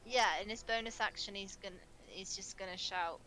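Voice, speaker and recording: An eager woman playing a tabletop game with a bright, sharp-edged voice. She talks through her character's actions and cheers at the dice, with faint background noise behind her. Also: mid-range voice, fairly quick, hardly any pauses. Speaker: player.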